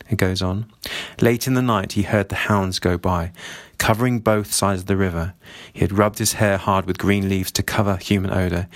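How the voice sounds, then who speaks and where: A man discussing a novel and reading long passages from it aloud in a measured, reflective way. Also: low voice, dry recording. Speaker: book reviewer.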